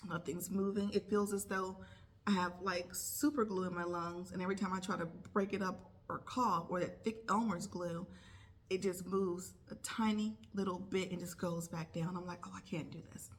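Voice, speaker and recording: A woman's voice: on the low side, steady tone, normal speed. Chatty woman telling a story. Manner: chatty, acts out her own thoughts in quotes. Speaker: nurse vlogger. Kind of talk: casual storytelling vlog.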